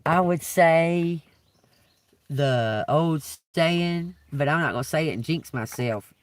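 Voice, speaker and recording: A man's voice: on the high side, slow pace, dry recording, recorded from a distance. A man doing a live-stream tarot reading, talking casually, swearing freely and laughing often. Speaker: tarot reader.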